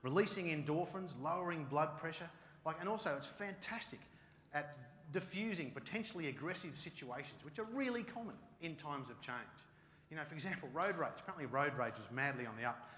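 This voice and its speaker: A man with an Australian accent giving an animated, joking keynote talk. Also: fairly high pitch, fairly quick, a little hiss or hum. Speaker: keynote speaker. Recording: echoey hall, live stage.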